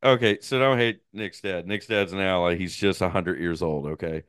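A man's voice: deep voice, fairly even intonation, moderate pace, a bit bright, clean tone, no room sound, studio quality. A man co-hosting a podcast, chatting casually in a crude, rambling way and laughing often. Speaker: podcast co-host. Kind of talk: casual chat.

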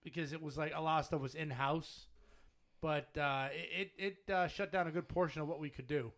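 Man, casual chat, hesitant, restarts a lot, slightly high voice. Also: fairly even intonation, brisk, fairly bright tone. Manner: hesitant, restarts often, joking.

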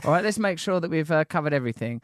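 A man in his forties hosting a casual chat, rambling playfully with laughing asides and quick mimicry. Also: a little high, lively intonation, clean tone, no echo, clean studio sound. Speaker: podcast host.

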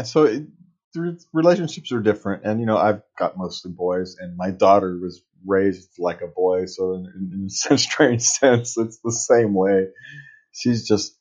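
Older guy with a husky low voice, rambly podcast host, kinda dull lo-fi sound. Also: darkish tone. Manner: rambling, chuckles often. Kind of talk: casual podcast chat.

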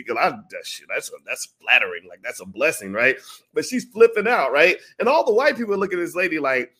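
The speaker is a male vlogger with a mid-range voice who talks fairly quickly. Telling his story casually, he brings it to life by acting out each person in it.

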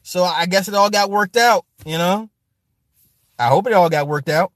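On a casual livestream from a home setup with a ring light, a high-voiced man reads viewer comments aloud at a moderate pace. He swears freely, laughs often, and talks straight to the chat, animated and profane, with clean studio sound and no echo.

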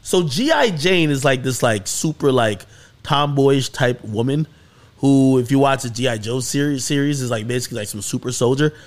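A man hosting a podcast, telling a story in casual chat with lots of swearing and excited peaks. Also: mid-range voice, normal speed. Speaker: podcast host.

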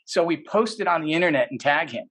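A podcast guest with a slightly high voice talks at a quick pace, telling stories in a rambling, casual way full of fillers and restarts. He becomes animated whenever he quotes people.

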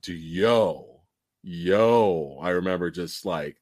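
A young man hosting a casual movie review livestream, excitedly acting out scenes, laughing and swearing as he talks. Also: low voice, takes it slowly, no room sound, clean studio sound. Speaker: host of a movie review stream. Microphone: home streaming setup with camera.

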